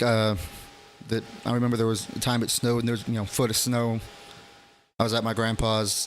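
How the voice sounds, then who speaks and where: A man's voice: fairly low pitch, a bit bright, a little hiss or hum. A man casually telling stories from his own life, blunt and profane, laughing at his own jokes. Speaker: storyteller. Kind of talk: casual storytelling.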